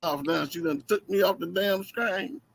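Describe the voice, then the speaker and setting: A man doing profane, animated stand-up storytelling on a video call, laughing often. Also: sits high, moderate pace, creaky, rough recording. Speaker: comedian.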